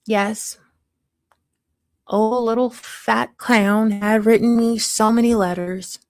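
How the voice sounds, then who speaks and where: A woman's voice: a little high, fairly even intonation, slow, a little mellow, dry recording. A woman playing a crass small-town mother of three in a put-on Southern country accent, telling a blunt, gossipy story in a live-streamed character monologue.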